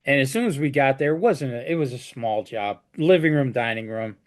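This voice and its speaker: A man's voice: mid-range voice, lively intonation, a little fast. A man who works as a flooring contractor, telling job stories in a casual chat and restarting his sentences often. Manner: storytelling with frequent restarts.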